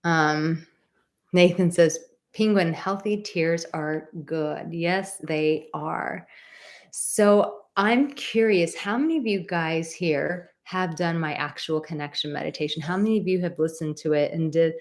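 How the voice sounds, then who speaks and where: A woman hosting a live-stream advice show, reading viewer comments aloud and answering them in an encouraging, direct way, repeating words for emphasis. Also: unhurried. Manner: coos in a high baby voice to her dog.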